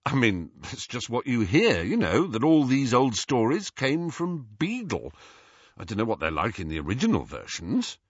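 A man's voice: medium pitch, wildly swooping pitch, moderate pace, slightly rough, no room sound. A man voicing an easygoing, joking teenage boy who talks bluntly, in an audiobook reading. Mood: uncertain. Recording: dull lo-fi audiobook recording.

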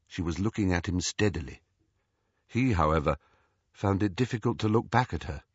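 A man reading an audiobook as narrator, in a measured storytelling way. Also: sits low, lively intonation, breathy edge, no room sound. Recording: dull, slightly muffled dry audio.

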